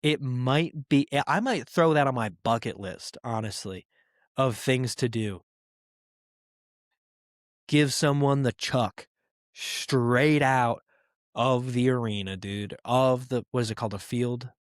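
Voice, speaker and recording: A man hosting a comedy podcast, ranting in a crude, profane and animated way. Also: medium pitch, slow, no room sound, clean studio sound. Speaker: podcast host. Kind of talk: casual comedic rant.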